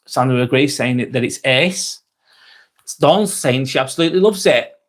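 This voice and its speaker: A man's voice: mid-range voice, moderate pace. A young man with a broad Lancashire accent, hosting a casual live vlog, chatting to viewers and swearing freely as he reads their comments. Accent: Lancashire English. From Northwest England. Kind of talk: casual live-stream chat reading out comments.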